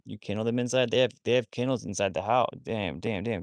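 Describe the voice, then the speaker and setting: A man's voice: fairly low pitch, fast talker, no echo, clean studio sound. A man hosting a casual livestream about rescuing wolfdogs, rambling with many restarts while he talks to his dogs.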